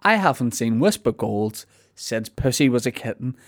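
A man imitating a very old woman who repeats an old-fashioned saying, slow and emphatic. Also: mid-range voice, big pitch swings, no echo, clean studio sound. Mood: prim.

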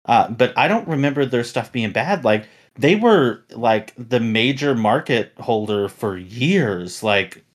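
A man in a relaxed podcast conversation, his voice sitting at an ordinary middle pitch. He rambles, restarts his sentences and leans on filler words. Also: a little slow, few pauses. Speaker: podcast host. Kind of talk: casual podcast chat.

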